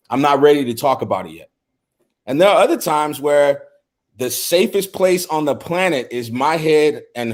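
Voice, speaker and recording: A middle-aged man talks earnestly on a men's talk show. His pitch sits in an ordinary male range, and he often stumbles into a phrase by repeating a word before slowing to press a point. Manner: earnest, repeats words when starting phrases. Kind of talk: casual conversational talk.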